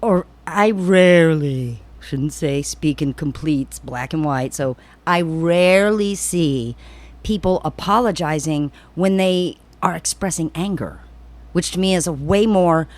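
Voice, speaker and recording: A woman's voice: low-pitched, unhurried. Reflective woman in casual chat. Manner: reflective and animated, quotes people in put-on voices. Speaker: podcast co-host. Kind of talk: casual conversation.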